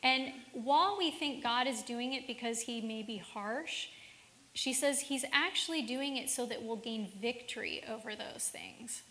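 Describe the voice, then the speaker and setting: A woman with a high voice gives a faith-based parenting seminar talk, putting rhetorical questions to her audience. Her voice rings through a church hall with long reverb. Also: a little slow, bright, forceful tone. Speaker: seminar speaker.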